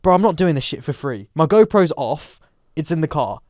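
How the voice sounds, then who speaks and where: A man hosting a podcast, telling a comic story in a lively, swearing, casual way and acting out the quotes. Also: on the high side, a little fast, hardly any pauses, no echo, studio quality. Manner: animated, swearing, acts out quotes. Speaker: podcast host.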